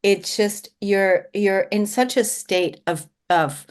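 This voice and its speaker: A woman hosting an interview, reflective and warm-hearted in a casual chat with fillers. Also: mid-range voice, takes it slowly. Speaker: podcast host.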